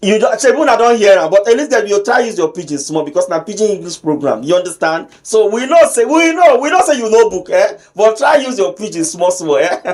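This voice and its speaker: A man's voice: sits high, big pitch swings, brisk, hardly any pauses, a little mellow. A man with a Nigerian accent hosting a pidgin talk show in a studio, chatty and teasing, with many fillers. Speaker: host.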